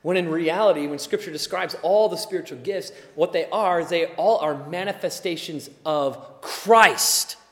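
Man, forties, pastor preaching, high-pitched, lively, reverberant church hall. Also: measured pace, few pauses. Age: 40s. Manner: animated, acts out little scenes, drops to soft murmurs. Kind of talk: sermon.

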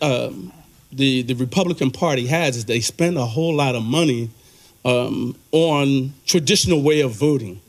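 Hesitant man with a slightly high voice. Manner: hesitant, halting, many fillers and repeats. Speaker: interviewee in a played clip. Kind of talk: casual interview talk.

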